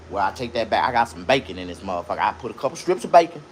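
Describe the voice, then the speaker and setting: A man talking on a live stream from inside his own shop in a casual, boastful, profane, rambling way, jumping between loud bursts and low mutters. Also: fast, hardly any pauses, slight background noise. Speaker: livestreamer and shop owner.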